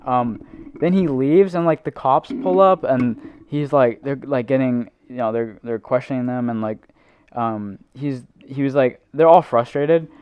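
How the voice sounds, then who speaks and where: A man's voice: mid-range voice, a little slow, clean tone, lo-fi sound. A young man co-hosting a casual podcast, rambling through a story with lots of fillers. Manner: rambling storytelling, heavy use of like and um. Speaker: podcast co-host. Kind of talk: casual chat.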